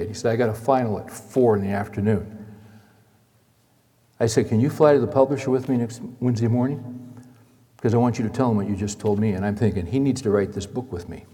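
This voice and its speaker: A middle-aged man tells a story from the pulpit in a low, mellow voice. His delivery is chatty and folksy, and he sounds worn out. His voice rings with the long reverb of a large hall. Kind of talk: sermon storytelling.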